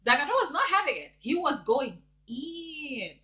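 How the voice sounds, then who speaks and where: Young zambian woman vlogging gossip, bright sharp voice, super animated and dramatic. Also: high voice, unhurried, rough recording. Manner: animated, dramatic, laughs often. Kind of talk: casual gossip commentary.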